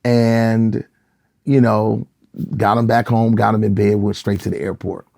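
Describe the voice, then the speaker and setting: Gravelly-voiced man telling stories. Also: fairly low pitch, measured pace, no echo, clean studio sound. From Michigan. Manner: animated storyteller, acts out quoted voices. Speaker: gospel singer and pastor. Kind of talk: casual interview storytelling.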